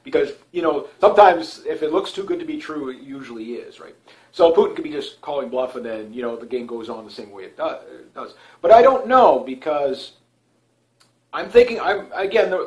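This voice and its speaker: A man talking casually in a rambling monologue, full of fillers and restarts. He often laughs at himself, and he speaks loudly and then trails off quietly. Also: a little high, rough recording. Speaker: video blogger.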